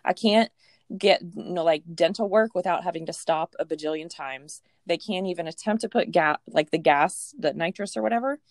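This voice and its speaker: A woman in her thirties telling a personal story in a casual, animated way, laughing often and acting out what people said. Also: on the low side, normal speed, dry recording, studio quality. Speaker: storyteller guest.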